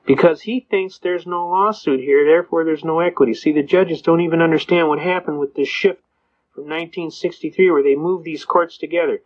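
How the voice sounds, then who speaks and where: A man's voice: fairly high pitch, steady tone, a little fast. An older man, an attorney, lecturing and telling folksy courtroom stories in which he acts out the judge, the cop and the defendant, chuckling as he goes. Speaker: constitutional attorney speaker. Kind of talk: anecdotal lecture with acted quotes. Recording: dull lo-fi recording.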